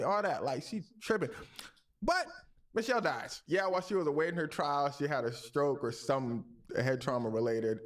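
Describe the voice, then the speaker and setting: A man's voice: on the high side, lively intonation, fairly quick. A young man, a streamer host, casually retelling a true story with slangy, jokey commentary.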